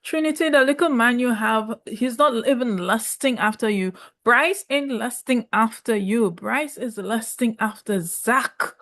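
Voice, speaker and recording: A woman's voice: a little high, a bit bright. A young woman giving sassy, emphatic commentary on a reality show, repeating words for effect. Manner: sassy, emphatic, drawn-out repetitions. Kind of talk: casual opinionated commentary.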